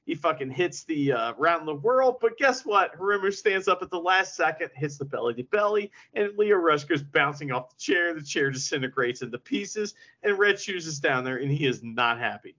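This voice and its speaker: A man co-hosting a podcast, chatting casually and profanely, retelling events with lively quoted asides. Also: fairly high pitch, moderate pace, few pauses, dull audio. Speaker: podcast co-host. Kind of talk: casual chat recapping wrestling.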